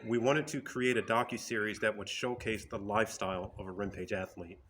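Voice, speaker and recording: A man's voice: on the low side, fairly even intonation, a little fast, fairly bright tone, a little hiss or hum. A man giving a motivational talk in an emphatic, direct, storytelling way.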